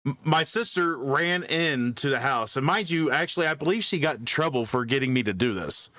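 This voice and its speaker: A man's voice: mid-range voice, lively intonation, fairly quick, bright, forceful tone. A man co-hosting a podcast, telling a long story in a rambling way, full of fillers, restarts and laughs at himself. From grew up in the country. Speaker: podcast co-host. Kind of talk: casual storytelling.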